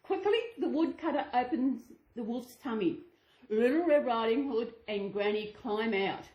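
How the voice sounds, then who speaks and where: A woman's voice: on the high side, expressive, a little slow, a little mellow. Sing-song woman reading a storybook aloud. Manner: sing-song, chatty asides. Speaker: channel host. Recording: echoey room.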